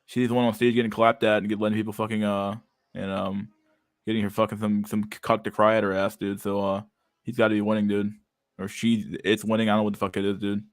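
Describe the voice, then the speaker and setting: A man's voice: on the low side, little pitch movement, fast talker, dry recording, studio quality. Sarcastic young man ranting. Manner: incredulous, sarcastic, profane, says dude a lot. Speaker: stream host reacting to videos. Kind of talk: casual profane reaction commentary.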